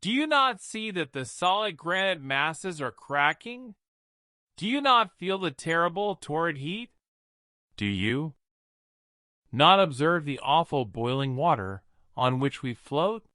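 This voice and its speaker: A man's voice: fairly high pitch, big pitch swings, a little slow, bright, forceful tone, dry recording, clean studio sound, pitched above the performer's own voice, full character voice. A man reading an audiobook voices a terrified young man who cries out in alarm and exasperation. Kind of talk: audiobook character voice.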